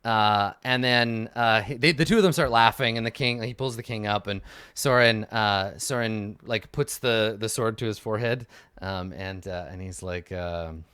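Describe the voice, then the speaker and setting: A man narrating a tabletop game as its game master, stopping often for fillers. His voice is fairly low and the recording is dry and close. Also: normal speed, fairly bright tone, smooth, dry recording. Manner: hesitant, full of fillers.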